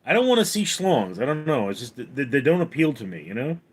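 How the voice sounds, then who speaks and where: A man hosting a livestream at home, reading chat comments aloud and answering them deadpan. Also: medium pitch, fast talker, breathy edge. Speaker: livestream host.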